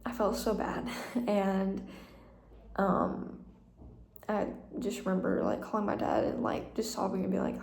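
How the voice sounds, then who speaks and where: Young woman, chatty personal story, warm dark tone, roomy echo. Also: mid-range voice, little pitch movement, a little slow, vocal fry. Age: young adult. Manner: chatty, many fillers and laughs. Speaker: vlogger.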